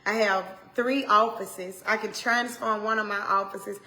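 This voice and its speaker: A woman minister with an Atlanta accent, preaching in a heartfelt talk that swings from hushed tones to loud exhortation, with Southern turns of phrase and repeated lines. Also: mid-range voice, steady tone, unhurried. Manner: impassioned, swings from hushed to shouting.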